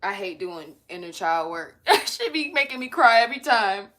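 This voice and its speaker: A woman's voice: medium pitch, sing-song, normal speed, sharp tone. A young woman hosting a spiritual self-help talk from home, mixing blunt, profane, laughing chatter with read-aloud guidance. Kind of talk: casual spiritual pep talk to viewers.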